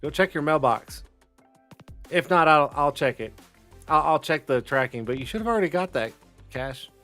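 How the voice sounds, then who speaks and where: A man hosting a casual live-stream talk show, rambling and excitable, swearing freely. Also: a little high, moderate pace, soft background music. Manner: rambling, profane and excitable, with frequent restarts and laughs. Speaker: livestream talk show host.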